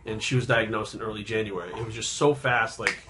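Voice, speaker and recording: A man in his thirties, a fitness vlogger, telling a personal story in a rambling, halting way, subdued and reflective, with frequent swearing. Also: fairly low pitch, fairly even intonation, background noise.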